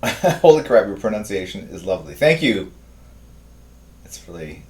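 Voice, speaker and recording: American man, lowish voice, slow mumbling delivery, live-stream chat, echoey room. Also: big pitch swings, darkish tone. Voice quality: mumbling, low-key delivery. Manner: reads viewer comments aloud, laughs often, tries awkward German. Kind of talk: casual live-stream chat while drawing.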